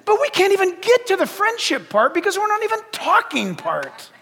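A man preaching a sermon as pastor, animated, acting out little dialogues and rising to shouts. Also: very high voice, normal speed, creaky. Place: church sanctuary. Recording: long reverb of a church hall.

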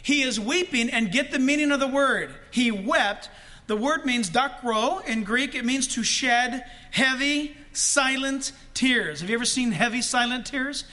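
A man preaching a sermon, pressing his points with rising emphasis and slowing right down on key words. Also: very high-pitched, bright, forceful tone. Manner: preaching with rising emphasis and slow, drawn-out stresses. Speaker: pastor.

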